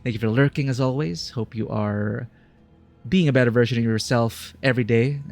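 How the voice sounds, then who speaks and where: A man's voice: medium pitch, normal speed, creaky, darkish tone, soft background music. Playful man streaming a game. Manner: playful, goofy, reads game text aloud. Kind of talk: live game playthrough commentary.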